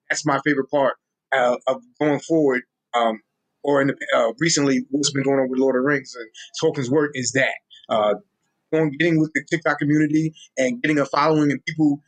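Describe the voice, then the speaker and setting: A young man speaking in a New York accent, in a somewhat raised voice. He talks in a casual, street-flavored way, full of energy, repeating words and restarting sentences as he explains things. He sounds relaxed and ready to teach. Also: a little high. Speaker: guest, social media Tolkien explainer. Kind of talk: casual interview talk.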